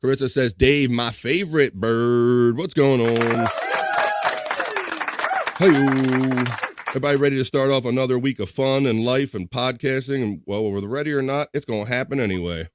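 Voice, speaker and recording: A man's voice: mid-range voice, moderate pace, background noise. A man hosting a casual livestream, joking loosely and reading viewer comments aloud. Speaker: livestream host. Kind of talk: casual live chat.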